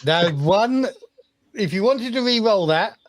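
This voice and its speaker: A man running a tabletop role-playing game as game master, relaxed and rambling with many fillers. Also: high voice, takes it slowly, no echo.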